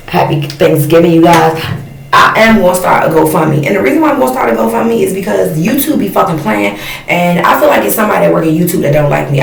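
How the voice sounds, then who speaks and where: A woman's voice: lowish voice, creaky, recorded from a distance. A woman talking bluntly and heatedly in a profane, unscripted livestream rant to her viewers. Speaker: spiritual YouTuber. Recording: roomy sound from off-mic.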